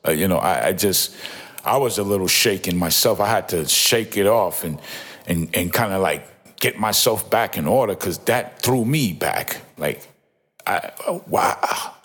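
A man's voice: sits low, animated, measured pace, a bit bright. A man giving an informal, emphatic Bible commentary, often repeating himself and exclaiming in awe. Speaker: Bible teacher.

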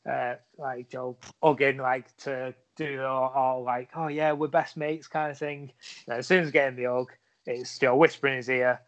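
A man's voice: medium pitch, level tone, moderate pace. A man chats as a guest on a podcast and tells a story in loose, rambling runs, full of fillers and restarts. His voice sits in a middling range. The recording sounds dull and lo-fi. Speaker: guest, wrestler. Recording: dull lo-fi audio.

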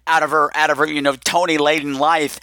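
A man's voice: a little high, level tone, a little fast, bright, forceful tone, no room sound. A man hosting his podcast in an effusive, campy, rambling way. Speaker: podcast host. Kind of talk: casual chat.

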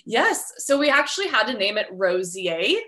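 A woman's voice: medium pitch, big pitch swings, moderate pace, bright, forceful tone. A woman talking as a podcast guest, explaining at length in a friendly way, with ums and light laughs. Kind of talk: casual interview chat.

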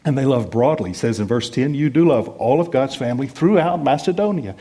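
A middle-aged man from the United States preaching a sermon in a conversational, self-deprecating way with lively emphasis. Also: medium pitch, brisk, husky. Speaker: pastor.

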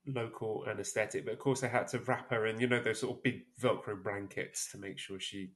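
A man's voice: lowish voice, steady tone, brisk. Self-mocking male podcast host. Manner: rambling, self-mocking, laughs at himself. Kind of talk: casual podcast chat.

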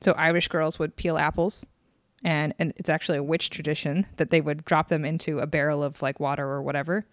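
A woman's voice: low voice, flat delivery, fairly quick, hardly any pauses, no room sound, studio quality. A young woman co-hosting a podcast in a casual, chatty way, laughing often and swearing freely. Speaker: podcast co-host. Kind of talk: casual chat.

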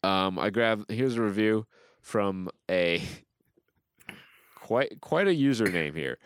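Lively, low-voiced male podcast host. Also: slow pace, slight background noise. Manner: joking, reads reviews aloud with dramatic flair. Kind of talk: casual chat.

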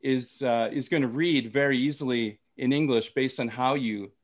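A man co-hosting a casual teaching podcast, talking in halting restarts and fillers as he thinks aloud. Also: mid-range voice. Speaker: podcast co-host, English teacher.

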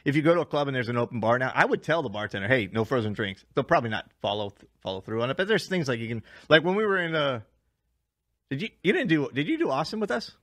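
A man's voice: mid-range voice, very animated, fast talker, a bit bright, no echo. A man who is a stand-up comedian and podcast host, telling rambling road stories in casual chat, swearing and laughing often.

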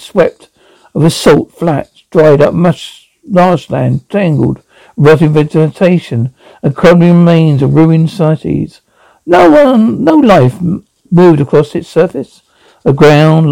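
A man reads an audiobook in a somewhat high yet gravelly, mellow voice. He reads haltingly, often correcting himself mid-word. The recording is dry and close. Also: dry recording, low-quality recording. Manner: halting reading with frequent self-corrections. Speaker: audiobook reader. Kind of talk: audiobook narration.

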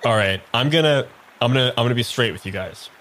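A man's voice: mid-range voice, fast talker, fairly bright tone, slight background noise, natural voice. A man voicing a giant male bridge troll who is weary and grumbling, talking in a frank, rambling, complaining way.

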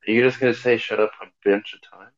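A man's voice: mid-range voice, fairly even intonation, racing, muffled recording. A man in his thirties in a group voice chat, needling and lecturing the others. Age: 30s. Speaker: voice chat participant.

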